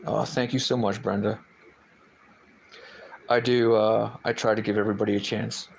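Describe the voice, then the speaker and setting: A man's voice: on the low side, level tone, moderate pace, gravelly, a little hiss or hum, poor audio. A man hosting a livestream, rambling and hesitant, answering viewer comments with lots of fillers and restarts. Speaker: livestream host. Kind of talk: casual chat, reading out viewer comments.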